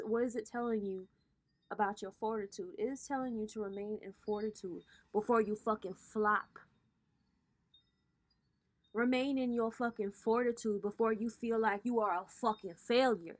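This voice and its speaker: A woman's voice: fairly high pitch, normal speed. A woman hosting a casual astrology vlog, giving a brash, profane pep talk and calling her viewers honey and baby. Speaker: spiritual reader and vlog host.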